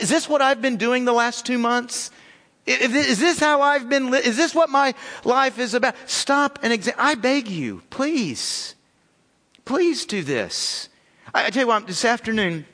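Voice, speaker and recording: Man preaching in an echoing church hall. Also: high voice. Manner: emphatic, repeats words, swings from loud appeals to hushed lines. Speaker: pastor. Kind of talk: sermon. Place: church sanctuary. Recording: long reverb of a church hall.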